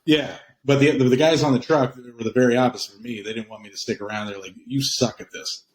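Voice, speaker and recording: A man's voice: mid-range voice, fast talker, low-quality recording. A man speaking as a guest on a casual interview, reflective and self-deprecating, laughing at himself. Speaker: guest, comedian and actor.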